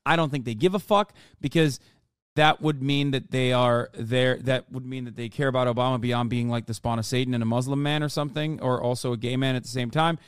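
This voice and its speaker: A man's voice: mid-range voice, fairly even intonation, a little fast, clean tone, no echo, studio quality. A man hosting a livestream, giving profane, ranting political commentary with mocking asides. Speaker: livestream host.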